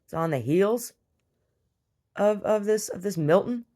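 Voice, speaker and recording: A woman's voice: medium pitch, lively intonation, measured pace, pauses often, warm tone. A woman venting bluntly and profanely in a casual video diary recorded at home. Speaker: video diarist. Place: rural property at home.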